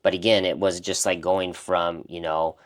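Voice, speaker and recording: A man with a very low, deep voice shares a personal story in casual conversation. He is earnest and reflective. He often slips into the voices of people he remembers talking to. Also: little pitch movement, normal speed. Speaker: life coach and podcast co-host.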